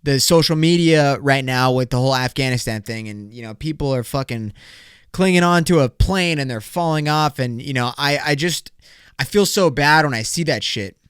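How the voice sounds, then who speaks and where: A young man in his twenties hosting a solo podcast, rambling, profane and high energy. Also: normal speed, fairly bright tone, clear, resonant tone, dry recording, clean studio sound. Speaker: podcast host.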